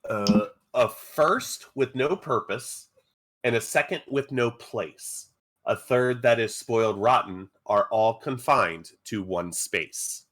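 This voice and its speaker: A man running a tabletop game as game master, reading riddles slowly and deliberately. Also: medium pitch, fairly bright tone.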